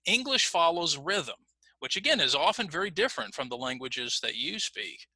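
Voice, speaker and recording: Man, middle-aged, ESL teacher, patient explaining, animated pitch, slightly high voice. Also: normal speed, no echo. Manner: patient explaining, lively intonation. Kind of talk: recorded online lesson.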